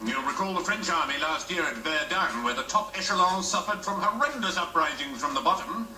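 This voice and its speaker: A man plays a blustering English army officer, pompous and lively-pitched. The sound is muffled and recorded off a TV from afar, echoey, with loud noise. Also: fairly quick, recorded from a distance, close to an everyday voice.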